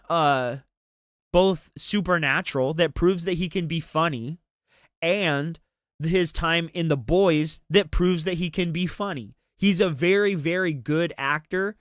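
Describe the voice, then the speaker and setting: A man's voice: a little high, fairly bright tone, smooth, no room sound, clean studio sound. Rambling, cursing male streamer. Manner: rambling, profane, frequent restarts. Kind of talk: casual commentary chat.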